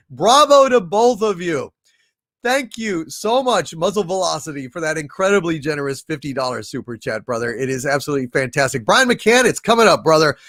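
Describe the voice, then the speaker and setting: A male livestream host reading out viewer messages in a lively, exclamatory way, often breaking into disbelieving outbursts. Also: on the high side, no echo, clean studio sound.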